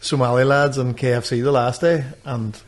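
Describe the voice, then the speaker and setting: A man, co-hosting a podcast and telling a funny anecdote in relaxed chat. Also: medium pitch, normal speed. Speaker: podcast co-host. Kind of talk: casual storytelling chat.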